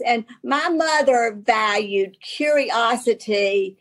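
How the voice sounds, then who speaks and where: Southern woman, guest author, slightly high voice, rambling and chatty storyteller, video call. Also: unhurried. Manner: chatty, rambling storyteller with many restarts and laughs. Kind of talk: casual conversation on a show.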